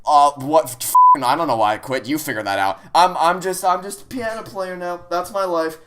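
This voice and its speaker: A man commentating a let's play, frantic and incredulous, stammering and cursing in loud outbursts. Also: on the high side, normal speed, very noisy. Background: game music.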